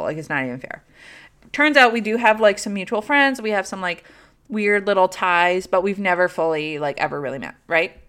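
A woman's voice: mid-range voice, expressive, a little fast, fairly bright tone. Woman rambling with frequent swearing. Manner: candid, self-deprecating storytelling. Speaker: podcast host. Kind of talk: casual chat.

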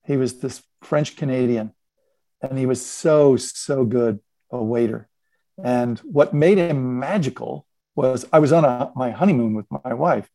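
A man's voice: medium pitch, a little slow, dark tone, dry recording. A man on a discussion panel telling a story and reflecting on it aloud, laughing now and then as he unpacks his points. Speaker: podcast panelist. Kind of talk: conversational storytelling.

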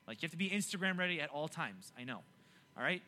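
A young man preaching a youth sermon, animated and emphatic, often repeating himself to keep listeners engaged. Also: fairly high pitch, fast talker, slight background noise. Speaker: youth pastor.

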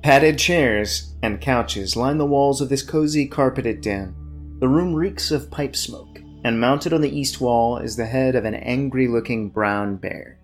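A man's voice: mid-range voice, unhurried, faint music behind. A man narrating a tabletop game as game master, describing scenes at length with many fillers.

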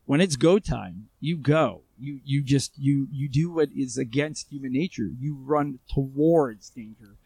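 A man's voice: mid-range voice, a little slow, creaky, hardly any pauses, warm tone, breathy edge, dry recording. A man being interviewed, telling a story in a casual, conversational way with many fillers and restarts. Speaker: guest, armed civilian responder. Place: Israel.

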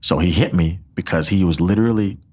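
A man's voice: sits low, a little fast. A young man telling a personal faith testimony as a podcast guest, earnest and emotional, acting out what others said and often laughing. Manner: earnest storytelling, acts out quotes, laughs often.

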